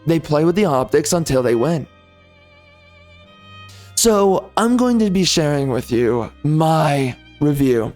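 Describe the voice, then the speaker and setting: A man's voice: fairly high pitch, darkish tone. A man on a gaming commentary channel, ranting in a slightly raised voice. He hammers the same insults over and over in an angry tirade, with faint music running underneath.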